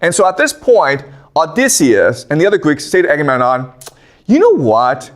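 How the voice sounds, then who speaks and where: Lively male history lecturer. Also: on the high side, a little fast. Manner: animated, checks in with the listener with frequent "okay?". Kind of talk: casual storytelling lecture.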